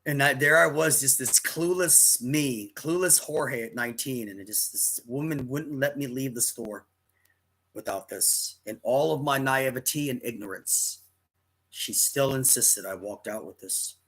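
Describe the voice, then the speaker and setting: Man, fifties, bright tense voice, unhurried rambling storytelling. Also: mid-range voice. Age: 50s. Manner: rambling, with frequent restarts and self-corrections. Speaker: vlogger telling a personal story. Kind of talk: casual first-person storytelling to camera.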